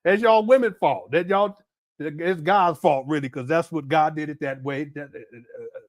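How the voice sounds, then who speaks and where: A man doing casual reaction commentary, animated and exclaiming, laughing often. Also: fairly high pitch, normal speed, no room sound, studio quality. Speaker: commentary host.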